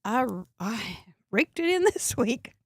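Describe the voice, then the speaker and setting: Chatty, high-voiced woman host. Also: sing-song, slow pace, husky, no echo, studio quality. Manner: chatty, exclaiming, with frequent laughs. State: coughing, throat dry. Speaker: host of a cardmaking show. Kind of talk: casual live-stream chat showing viewer cards.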